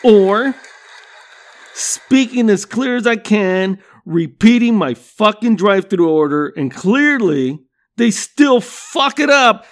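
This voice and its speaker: A man with a fairly high voice rants through a comedy podcast. He swears freely, and he keeps tossing in "you know what I'm saying" and laughing at his own jokes. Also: sing-song, a little slow, a little hiss or hum. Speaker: podcast host. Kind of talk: profane comedic rant.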